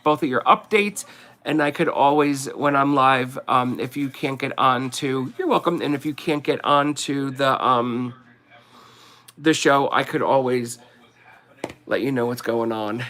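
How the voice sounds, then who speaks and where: A man's voice: medium pitch, normal speed, bright, forceful tone. A man with a New Jersey accent hosting a casual livestream, rambling and chatty and laughing often as he sells collectibles. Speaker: livestream host selling collectibles.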